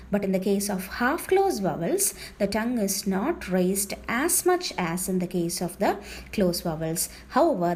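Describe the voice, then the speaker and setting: A woman teaching phonetics in an explanatory lecture, slow and careful, repeating key terms. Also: mid-range voice, slight background noise.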